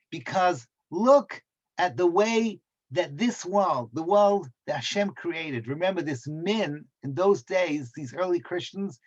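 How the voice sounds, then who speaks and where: A man teaching a Torah class as a rabbi, in slow, deliberate, emphatic phrasing. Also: on the high side, highs cut off. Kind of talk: Torah lecture.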